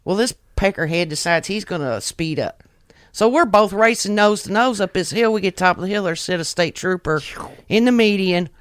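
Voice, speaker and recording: A woman tells road stories in a blunt, salty, cussing way. Her voice is smooth and clear, and it sits in a dry, close-miked studio sound. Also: medium pitch, moderate pace, dry recording. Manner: salty, blunt storytelling with swearing and laughs. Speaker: guest truck driver. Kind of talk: casual storytelling chat.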